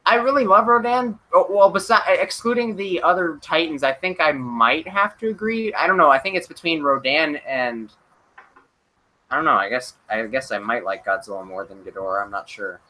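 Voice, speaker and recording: A man hosting a casual fan discussion stream, excitable and often stammering into restarts. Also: fairly high pitch, normal speed. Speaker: channel host.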